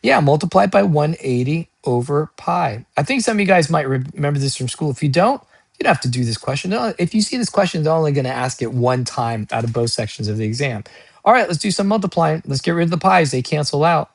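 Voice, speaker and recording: A male math tutor with a gravelly, fairly high voice works through test problems, firing off quick questions and answering them in a chatty, slangy way. The sound is dry and close. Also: no room sound. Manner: energetic, asks and answers his own questions. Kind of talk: video math lesson.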